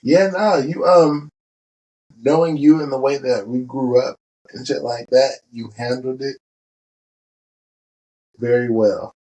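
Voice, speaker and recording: A man hosting a casual chat with his older brother, laid-back and quick to laugh along. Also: mid-range voice, fairly even intonation, mellow, recorded from a distance, rough recording. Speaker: host, guest's younger brother. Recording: voice set back from the mic.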